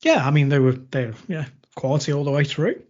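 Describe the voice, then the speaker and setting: Relaxed male co-host, casual banter, muffled podcast audio. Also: a little high, brisk. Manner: laughs easily, relaxed. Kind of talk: casual chat.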